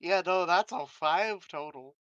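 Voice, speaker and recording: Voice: medium pitch, unhurried, fairly bright tone, no room sound, dull audio. A player in a tabletop game, speaking hesitantly with many fillers. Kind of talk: casual tabletop game chat.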